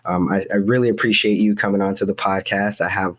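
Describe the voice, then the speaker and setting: A podcast host with a very low male voice, recorded dry and close. He puts his questions to the guest with a few filler words. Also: steady tone, fast, a bit bright, no echo, lo-fi sound. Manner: gives frequent short backchannel affirmations. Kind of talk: podcast interview.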